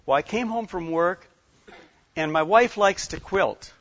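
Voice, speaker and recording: Older man, folksy sermon, slightly high voice, dry dull recording. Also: measured pace, fairly bright tone, no room sound. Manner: folksy, rambling storyteller with many fillers. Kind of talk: conversational sermon.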